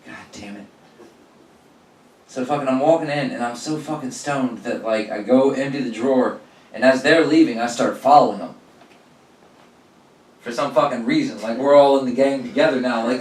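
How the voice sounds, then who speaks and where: A young adult man doing profane, animated stand-up storytelling and acting out the people in his stories. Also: mid-range voice, fairly quick. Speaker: stand-up comedian. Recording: roomy sound from a distance.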